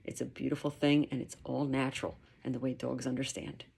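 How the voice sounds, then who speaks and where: A woman dog trainer explaining her methods in a lively, emphatic way, sometimes acting out quotes. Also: a bass voice, a little fast, vocal fry, noisy background. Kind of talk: instructional talk.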